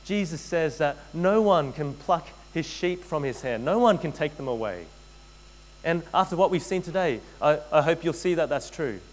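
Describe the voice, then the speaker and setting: A man preaching a sermon, earnest and direct, addressing his listeners as friends and repeating key phrases, often dropping to a hushed intensity. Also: fairly high pitch, lively intonation, normal speed, poor audio. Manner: addresses listeners as friends, frequent tag questions. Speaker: pastor.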